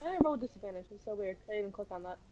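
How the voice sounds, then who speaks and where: A woman at a tabletop game who talks fast and chats as she blurts out her character's actions. Her voice comes through a dull, lo-fi online call. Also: medium pitch, expressive, dark tone, a little hiss or hum. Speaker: player. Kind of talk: casual tabletop play.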